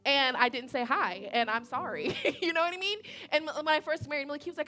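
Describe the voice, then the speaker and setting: A young woman preaching a sermon in an animated, conversational way, repeating her points and checking in with the audience. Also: sits high, a little fast, hardly any pauses, faint music behind.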